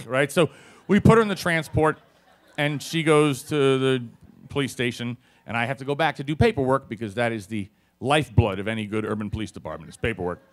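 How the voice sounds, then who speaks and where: A man telling a personal story on stage to a live audience, animated and conversational, with plenty of fillers and swearing. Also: mid-range voice, a little fast.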